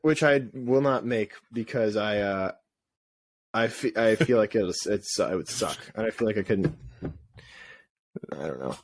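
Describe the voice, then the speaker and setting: A man co-hosting a casual podcast, telling rambling, self-deprecating stories in an animated way. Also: on the low side, a little slow, pauses often, a little hiss or hum. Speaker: podcast co-host. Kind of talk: casual chat.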